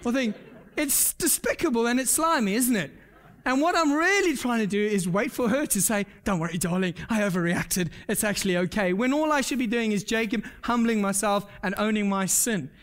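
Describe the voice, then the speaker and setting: A man's voice: very high-pitched, normal speed, a bit bright. A man preaching a sermon. He talks earnestly, repeats his key points, asks the congregation questions and pokes fun at himself. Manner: self-deprecating humor. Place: church service.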